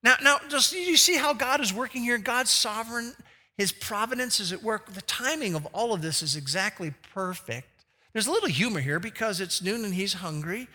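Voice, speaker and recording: A male pastor preaching a sermon in a large hall with a long, ringing reverb. His voice is high-pitched and piercingly bright, and he acts out the quoted lines with big leaps in pitch. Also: animated, normal speed.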